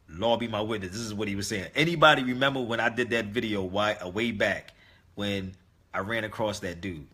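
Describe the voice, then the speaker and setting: Forceful husky-voiced man telling a story. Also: lowish voice, brisk. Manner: emphatic, addresses listeners directly. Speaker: online talk host. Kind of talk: casual storytelling monologue.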